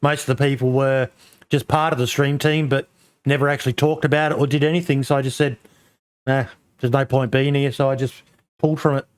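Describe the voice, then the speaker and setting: Aussie male host, mid pitch, easygoing and chummy with guests. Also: level tone, fairly quick, clean tone, no echo. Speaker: podcast host. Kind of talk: casual podcast chat.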